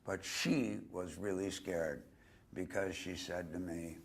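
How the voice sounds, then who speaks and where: An older man with a low, husky voice speaks slowly and steadily as an interview guest. He tells a long personal anecdote, putting on voices for the people he quotes.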